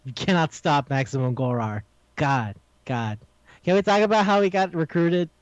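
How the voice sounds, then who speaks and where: Man, podcast co-host, high voice, lively storytelling, dry close sound, slightly dull audio. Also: normal speed, no room sound. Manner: animated storytelling, acts out quotes, laughs often. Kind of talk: casual chat recapping an anime.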